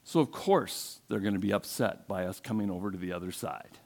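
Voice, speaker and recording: A man's voice: sits low, fairly quick, gravelly, a little mellow. A male pastor preaching a sermon, retelling a story in a conversational way and asking the congregation questions.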